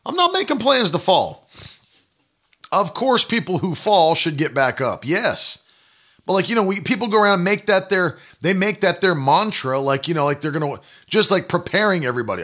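A man's voice: sits high, very animated, moderate pace, pushed and bright, slightly rough. A man in his thirties preaching a sermon, emphatic and repetitive, mocking the doubters he quotes. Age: 30s. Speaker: pastor.

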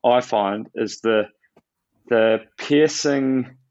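New man, animated storytelling chat. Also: medium pitch, extremely slow, muffled recording. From New Zealand. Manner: animated, storytelling, hesitant fillers. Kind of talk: casual chat.

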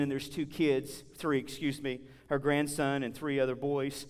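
A man preaching a sermon in a church, telling stories in a conversational, animated way with big swings between loud and soft. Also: a little high, fairly quick, long reverb tail. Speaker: guest preacher. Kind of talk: sermon with storytelling. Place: church sanctuary.

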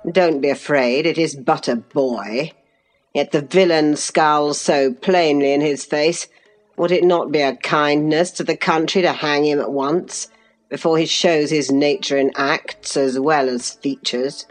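A woman's voice: sits low, takes it slowly, soft background music. A woman reading aloud, voicing a pompous, self-righteous old male magistrate.

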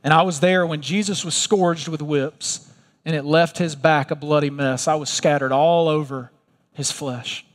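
A man's voice: on the high side, steady tone, unhurried, lightly acted. Blood itself testifies on the stand, grave and solemn, as a male preacher gives it voice. The words echo through a large hall. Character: spilled blood as a solemn witness. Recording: long reverb of a large hall.

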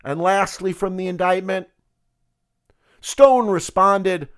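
A man's voice: medium pitch, normal speed, a bit bright. A man with a cold delivering an indignant, sarcastic political commentary monologue. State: has a cold.

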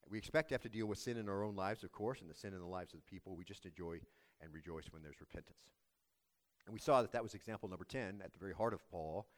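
A man preaching a sermon as pastor, telling a story in a measured, earnest way. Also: sits low.

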